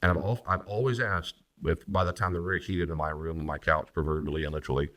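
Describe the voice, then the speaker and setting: A man, a pastor and counselor, teaching on marriage and acting out spouses' lines in quick voices. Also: deep voice, fairly even intonation, fairly bright tone, recorded from a distance. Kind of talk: recorded teaching talk on marriage.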